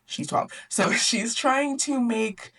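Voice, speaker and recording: A young woman with a fairly high, slightly bright voice hosts a book club, recapping a story slowly in a chatty, sarcastic way. She laughs often and acts out the characters, and the mic sounds distant.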